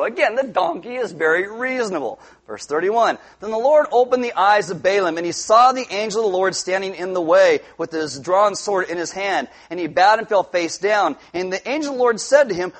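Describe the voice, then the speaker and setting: A middle-aged man delivering a sermon in a fairly high voice. He tells the story with humor, slipping into playful voices for the characters and asking the congregation questions. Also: a little fast, hardly any pauses. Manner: animated storytelling, acting out characters with funny voices. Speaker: pastor.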